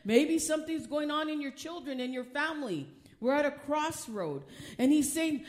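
A woman's voice: sits high, lively intonation, normal speed, darkish tone. A woman pastor preaching a sermon from the pulpit, emphatic and often asking the congregation questions.

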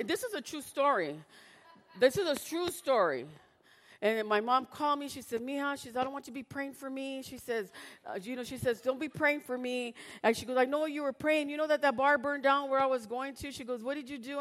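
A woman with a high voice preaches in a church, and her words ring out with a long hall echo. She reads scripture loudly and with fervor, then drops to a hushed voice for personal stories. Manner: impassioned, shifts from loud scripture reading to hushed storytelling. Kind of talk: sermon.

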